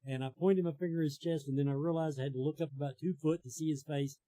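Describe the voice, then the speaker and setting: A man's voice: fairly high pitch, fairly even intonation, fast talker, dark tone, no room sound. A man hosting a casual chat, joking and teasing his guest. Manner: joking, teasing, laughs often. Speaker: host.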